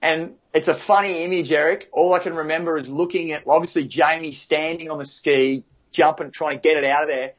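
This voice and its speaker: A man's voice: on the high side, fairly even intonation, a little fast, lo-fi sound. A man, a guest vividly recounting a surf rescue in casual talk, with many restarts and fillers. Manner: vivid, restarts often, fills with "you know" and "like". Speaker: guest telling a surf story. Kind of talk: casual spoken storytelling.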